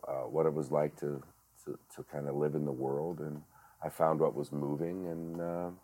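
A middle-aged man, a director and actor, telling a reflective story as an interview guest, halting with many fillers and restarts. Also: extremely low pitch, little pitch movement, warm tone.

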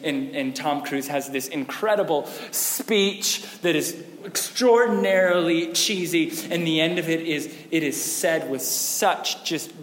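Animated preacher man in a reverberant hall. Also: a little high, unhurried, few pauses. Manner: animated storytelling, acts out scenes. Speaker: pastor. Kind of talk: sermon.

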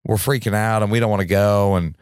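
A man hosting a podcast, speaking reflectively in a halting, restarting way. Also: lowish voice, fairly even intonation, clear, resonant tone, no room sound, clean studio sound. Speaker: podcast host. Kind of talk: casual conversation.

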